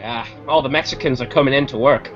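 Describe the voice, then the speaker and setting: A man riffing sarcastically on an old movie, loud with exclamations. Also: mid-range voice, quick pace, muffled recording, soft background music. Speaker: comedy film commentator.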